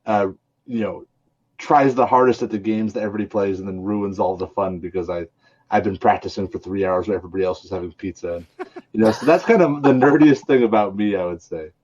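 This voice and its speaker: A man's voice: fairly low pitch, quick pace, a little mellow. Man chatting with a dull lo-fi sound. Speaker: podcast guest. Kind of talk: casual podcast chat.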